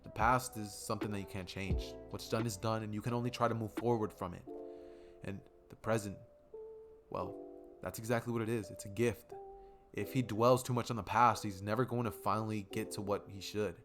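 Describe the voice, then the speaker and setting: A man narrates a fan story in a casual, rambling style, full of fillers. His voice sits a bit low. Guitar music runs clearly beneath him. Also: fairly even intonation, brisk.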